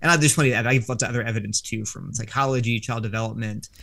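A man's voice: medium pitch, fast, creaky, sharp tone. Earnest man explaining an argument. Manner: earnest and explanatory, with frequent restarts. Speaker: author and guest.

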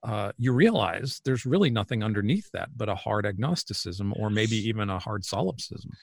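A man with a low voice speaking reflectively and earnestly in a relaxed conversation. The sound is dry and close, with no room in it. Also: a little fast, vocal fry, no echo. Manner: reflective, earnest, repeats agreement. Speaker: conversation partner. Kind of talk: casual philosophical conversation.

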